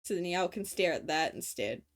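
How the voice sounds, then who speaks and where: Her voice on the low side and animated, a woman at home chats with her stream audience at a moderate pace while eating. She sits close to her desk mic, laughs often, and lets the odd swear word slip.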